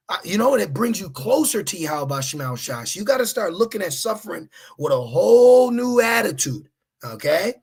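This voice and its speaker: Gravelly high-voiced man preaching streetwise. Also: very animated, moderate pace. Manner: casual, profane, emphatic with repeated "okay?"; acts out voices in high pitched asides. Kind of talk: streetwise sermon.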